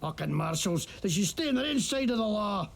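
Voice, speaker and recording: A woman's voice: medium pitch, lively intonation, a little fast. A woman voicing a noseless, earless wasteland shop owner who fakes a Scottish accent in a video game, speaking in a swaggering, profane, grumbling way. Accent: put-on Scottish. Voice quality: gravelly, raspy.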